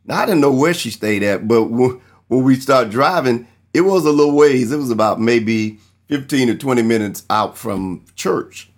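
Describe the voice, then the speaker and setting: A man's voice: mid-range voice, expressive, moderate pace. A man preaching a sermon, earnestly telling a personal testimony and acting out the people in his story. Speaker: pastor.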